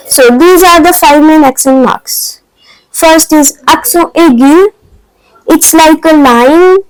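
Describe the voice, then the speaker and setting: Woman, language teacher, very high voice, unhurried, step-by-step explanations. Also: no echo, rough recording. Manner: patient, explains step by step, non-native English phrasing. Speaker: French teacher. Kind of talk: online language lesson.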